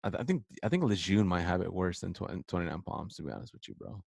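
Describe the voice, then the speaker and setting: Deep gravelly laid-back man. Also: expressive, quick pace, a little mellow, no echo. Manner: laid-back, swears often, laughs while telling stories. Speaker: podcast co-host, Navy corpsman veteran. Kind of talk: casual profane storytelling chat.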